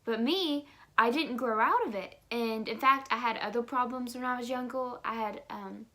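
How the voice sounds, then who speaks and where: Speaking at a moderate pace in a slightly high, a bit bright voice, a US woman in her twenties chats candidly to camera as a vlogger, using many fillers. An articulation disorder gives her speech sounds unusual.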